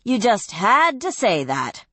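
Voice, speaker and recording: A woman narrator voicing a tough, scornful teenage girl with blunt, forceful retorts. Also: medium pitch, big pitch swings, slow pace, no echo, voice pushed up, heavily acted.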